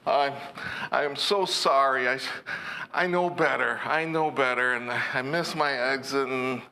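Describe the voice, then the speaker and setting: A man's voice: medium pitch, a little slow, gravelly, sharp tone. A man voicing a flustered driver who stammers and pleads with a police officer. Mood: apologetic. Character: flustered apologetic male driver pulled over.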